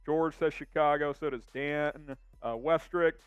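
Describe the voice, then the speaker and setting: A man's voice: a little high, fairly even intonation, measured pace, clean tone, dry recording, lo-fi sound, faint music behind. A young man hosting a casual sports live stream, reading out viewer comments in an upbeat way.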